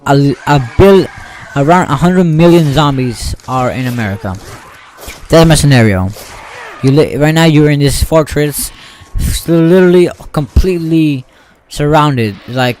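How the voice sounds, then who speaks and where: Brief: young-sounding male gaming YouTuber, casual and excitable, slightly high voice, faint background hiss. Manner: rambling, excitable, acts out sound effects. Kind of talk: casual storytelling over gameplay.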